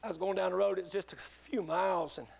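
Preacher guy, earnest rambling testimony, really high voice with lots of fry. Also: fairly even intonation. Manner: earnest, halting testimony with many restarts. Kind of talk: sermon storytelling.

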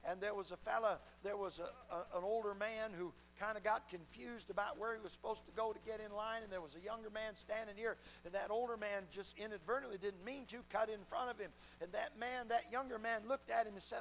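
High-voiced folksy preacher. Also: male voice, a little fast, low-quality recording. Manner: folksy storyteller, emphatic, swings loud and soft. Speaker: pastor. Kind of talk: sermon with folksy stories. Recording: faint hum behind.

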